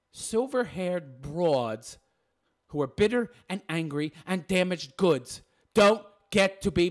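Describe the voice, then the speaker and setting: A man's voice: sits high, fairly bright tone. A man hosting a reaction commentary, reading and mocking a text in a sarcastic, crude, derisive way. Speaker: commentary channel host.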